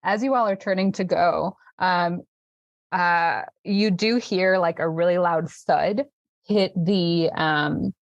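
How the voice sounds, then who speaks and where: A woman narrating a tabletop game as game master, in halting speech with many fillers. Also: lowish voice, dry recording, highs cut off.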